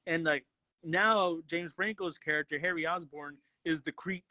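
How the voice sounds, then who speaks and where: A man co-hosts a casual movie review chat, fired up and profane, sometimes acting out lines from the films. His voice sits a little high and sounds bright and forceful. The recording is dry, with no room sound. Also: normal speed, dry recording, lo-fi sound. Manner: excited, profane, acts out quotes. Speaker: podcast co-host, movie reviewer.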